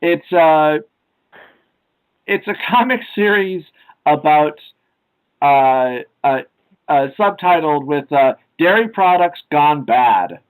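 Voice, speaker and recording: A man's voice: fairly high pitch, animated, slow, pauses often, clean tone, low-quality recording. Rambling young man on a podcast. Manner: rambling, many filler "uh"s, acts out comic lines loudly. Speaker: podcast co-host. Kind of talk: casual podcast chat.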